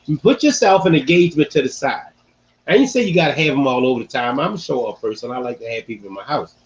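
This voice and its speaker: A man hosting a casual sports-talk podcast, animated and repeating phrases for emphasis. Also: medium pitch, fast talker, dull audio. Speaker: podcast host.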